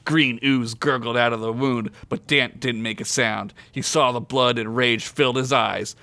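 Man, comic story reading, bright tone, dry recording, laughs through his lines. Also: medium pitch, steady tone, normal speed, no echo. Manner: breaks into laughter while reading, jokey asides.

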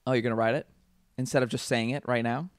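A man's voice: medium pitch, steady tone, fast talker, dry recording, clean studio sound. A man co-hosting a podcast, joking, swearing casually and reading movie taglines aloud. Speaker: podcast co-host.

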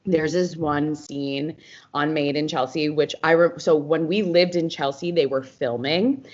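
A woman's voice: sits low, fairly even intonation, unhurried, a little mellow. A young woman co-hosting a podcast in casual chat, talking with lots of fillers and constant swearing. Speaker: podcast co-host. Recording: dull lo-fi sound.

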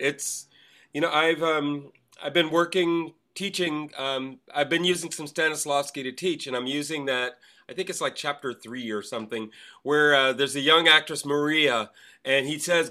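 A man's voice: a little high, moderate pace, pushed and bright. A man hosting a podcast and teaching acting, telling a rambling story full of fillers and restarts in casual interview chat.

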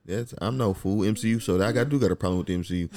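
A man, chatting casually as a podcast co-host and acting out quotes. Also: racing. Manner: animated, acts out quotes in high voices. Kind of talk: casual chat about a TV show.

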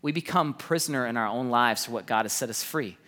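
A man in his thirties preaching a sermon, energetic and animated, telling stories with repeated words and laughs. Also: medium pitch, a little fast, in a large hall. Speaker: pastor.

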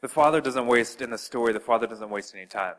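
A man's voice: mid-range voice, fast, rough recording. Earnest man preaching a sermon. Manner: earnest, with wide swings in loudness; talks to listeners with direct questions.

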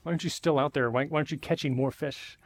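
Brief: an eager, pushy banker selling a big plan, brisk and upbeat, as a preacher acts him out in a sermon story. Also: male voice, a little high, fairly even intonation, natural voice. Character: American investment banker, brash, eager, pushy.

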